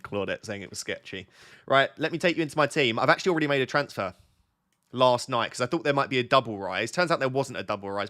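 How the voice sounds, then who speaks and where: Young male streamer, mid-pitched and conversational, loose, chatty, easily sidetracked. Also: fairly bright tone. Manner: chatty, easily sidetracked, reads out chat messages. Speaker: fantasy football streamer. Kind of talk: casual live-stream chat.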